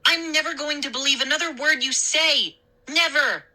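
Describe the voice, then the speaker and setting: A woman's voice: moderate pace, bright, forceful tone. A woman voicing a bossy young girl who shrieks and scolds, in a read-aloud scary story. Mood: huffy. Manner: shrill, scolding.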